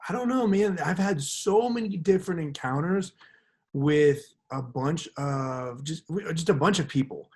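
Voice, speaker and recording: A man's voice: a little high, lively intonation, a little slow, a little mellow. A young man co-hosting a podcast, telling a rambling story and acting out the quotes in casual chat. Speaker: podcast co-host.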